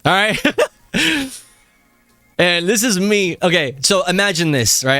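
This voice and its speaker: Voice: medium pitch, sing-song, slow, long pauses, pushed and bright, no echo, faint music behind. A young adult streamer in a casual live-stream rant, heated and profane, breaking into laughs.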